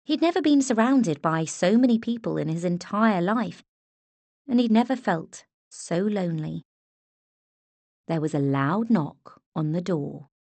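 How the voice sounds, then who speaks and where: Woman audiobook narrator, unhurried and expressive, lower voice, dry close sound. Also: no echo. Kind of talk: scripted narration.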